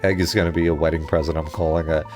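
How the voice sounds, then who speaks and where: A man's voice: rapid-fire, soft background music. A man streaming a video game, joking and reacting casually as he plays. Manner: joking, animated, with sudden swings in pitch. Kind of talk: casual let's-play commentary.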